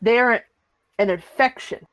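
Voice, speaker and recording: A woman's voice: fairly high pitch, slow, a bit bright, no echo, poor audio. A woman guest on a review podcast, talking with dry, teasing sarcasm. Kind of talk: casual review chat.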